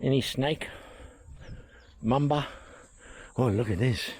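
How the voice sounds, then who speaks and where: A man hosting a travel vlog, walking an overgrown historic site and thinking aloud with excited, rambling asides. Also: medium pitch, slow pace, slightly rough. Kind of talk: casual vlog commentary while walking. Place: outdoors, overgrown hillside.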